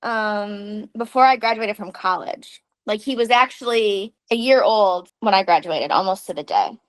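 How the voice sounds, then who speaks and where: A woman in her thirties co-hosting a podcast in casual chat, telling animated stories and swearing freely. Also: mid-range voice, normal speed. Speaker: podcast co-host.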